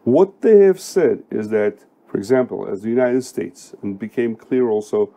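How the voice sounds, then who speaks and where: A middle-aged man giving unscripted political commentary, deliberate and emphatic, with frequent hesitations. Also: mid-range voice, lively intonation, gravelly, warm tone.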